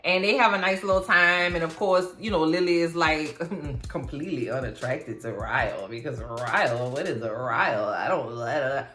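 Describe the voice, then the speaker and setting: A woman's voice: low voice, moderate pace, few pauses, roomy sound, faint music behind. Sassy slang-heavy woman recapping a film. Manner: sassy, slangy, animated storytelling. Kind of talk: casual movie recap commentary.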